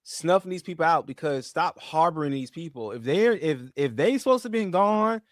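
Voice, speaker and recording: A man hosts a casual commentary show, his fairly high voice jumping between muttered asides and loud outbursts. He talks in slang and often repeats himself. The sound is dry and close. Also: lively intonation, moderate pace, no room sound. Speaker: host.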